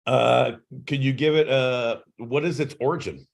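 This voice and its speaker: A man's voice: medium pitch, moderate pace, creaky. A man co-hosting a podcast, swearing a lot and teasing his partner in casual comedic banter. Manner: profane, teasing, animated. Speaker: podcast co-host.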